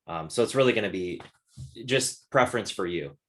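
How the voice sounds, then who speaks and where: A man with a very low voice hosts a question-and-answer webinar over a video call. He talks loosely and encouragingly, with plenty of fillers. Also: moderate pace. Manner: relaxed, filler-heavy, encouraging. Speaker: webinar host and course instructor. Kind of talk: casual Q&A chat.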